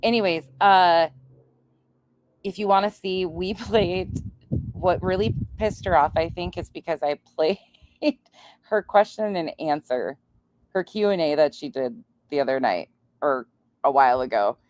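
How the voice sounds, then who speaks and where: A woman's voice: on the low side, measured pace, darkish tone, dry recording. A woman from North Dakota with an upper Midwest accent and a nasal voice, giving blunt, profane reaction commentary on a stream. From North Dakota, raised in Montana.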